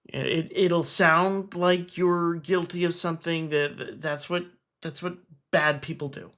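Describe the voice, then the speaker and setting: A man's voice: on the high side, fairly even intonation, measured pace, fairly bright tone. Earnest chatty male streamer. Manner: earnest and chatty, with wry self-mocking jokes. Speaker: game streamer and host. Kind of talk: casual stream chat.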